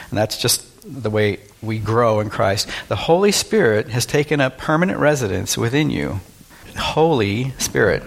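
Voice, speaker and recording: A man's voice: medium pitch, a bit bright. A man preaching a sermon in an earnest style, asking rhetorical questions of his congregation. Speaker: pastor.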